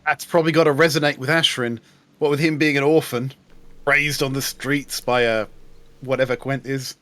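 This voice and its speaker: A man playing a tabletop game, making quick, teasing remarks. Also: mid-range voice, fairly even intonation, fairly bright tone, a little hiss or hum. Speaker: player.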